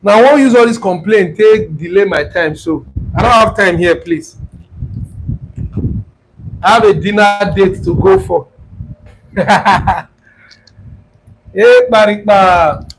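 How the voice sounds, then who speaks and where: Teaching forex in a relaxed live stream, this host with a Nigerian accent blends Pidgin and English and pokes fun at his audience. He speaks high-pitched at a measured pace with long pauses; the throat-level clip-on mic catches wind, and audio quality is poor.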